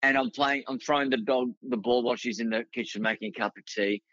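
Australian man, bright forceful voice, rambling anecdotes, dry close sound, slightly dull lo-fi audio. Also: medium pitch, fairly even intonation, fast talker, no room sound. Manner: rambling anecdotes with many restarts and fillers. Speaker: guest, writer and actor. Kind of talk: casual storytelling in a podcast interview.

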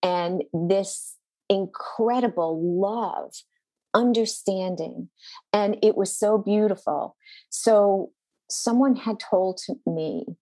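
A woman's voice: mid-range voice, takes it slowly, dark tone, dry recording. A woman pastor, a podcast guest, telling a personal faith story in an earnest, intense way with a shifting pace.

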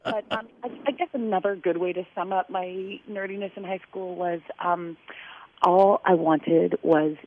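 A woman with a lowish voice calls in as a guest on a casual phone chat, heard over a tinny line with slight background noise. Unhurried and fairly even in intonation, she laughs as she tells funny, self-deprecating stories.

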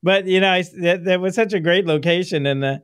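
A man's voice: high voice, fast talker, fairly bright tone, clear, resonant tone, dry recording, studio quality. A middle-aged man hosting a casual interview, rambling and laughing often as he reminisces. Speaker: podcast host, former filmmaker.

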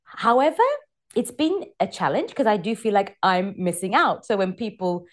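A woman's voice: mid-range voice, animated, moderate pace. Reflective woman guest on a podcast. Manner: reflective, weighing her words with small restarts. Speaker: podcast guest, former family doctor and meditation teacher. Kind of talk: casual podcast interview.

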